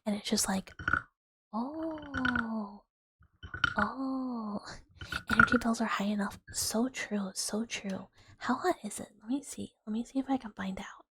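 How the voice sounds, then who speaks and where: A young woman streaming as an ASMR host, chatting with viewers in a soft whispered role-play and rambling with fillers on a close microphone. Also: mid-range voice, a little fast, hardly any pauses. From United States. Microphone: close sensitive ASMR microphone. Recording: loud hiss under the whisper.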